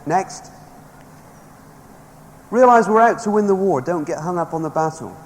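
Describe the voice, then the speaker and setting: A man's voice: sits high, expressive, fast. A man giving an emphatic motivational seminar speech to a live audience, rallying them with stories. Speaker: motivational speaker. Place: large hall with a live audience. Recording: echoey hall, faint background noise.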